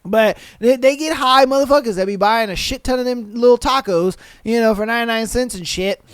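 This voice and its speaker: Slangy laughing podcast host reading stories. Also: male voice, very high voice, fairly bright tone, smooth, no echo, studio quality. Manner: laughs often, slangy and profane, mimics people in quick voices. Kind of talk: casual podcast commentary.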